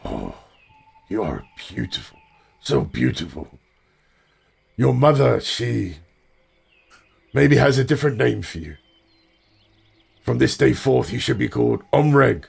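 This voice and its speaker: A man playing a doting adventurer who tenderly greets a newborn dragon, in an awed and halting way, with a gravelly, husky voice. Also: mid-range voice, sing-song, heavily acted. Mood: tender awe.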